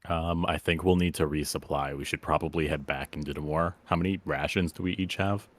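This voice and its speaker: A man playing a tabletop game, calm and deadpan, with a husky voice. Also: extremely low pitch, a little fast. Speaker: player.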